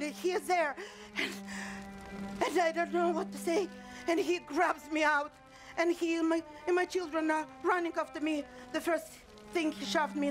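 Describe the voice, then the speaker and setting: A woman playing a shaken mother, high-pitched. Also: close to an everyday voice. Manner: halting, repeats words and restarts mid-sentence. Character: middle-aged mother who survived a pogrom, shaken but resolute. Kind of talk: one-woman stage monologue. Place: theater stage.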